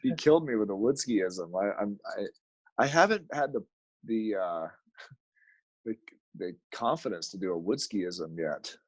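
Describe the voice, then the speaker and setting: Chatty guest guy, low voice, dry close sound, laughs and restarts a lot. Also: a little slow, slightly rough, no echo, muffled recording. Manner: animated, laughs often, restarts. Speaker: podcast guest. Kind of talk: casual chat.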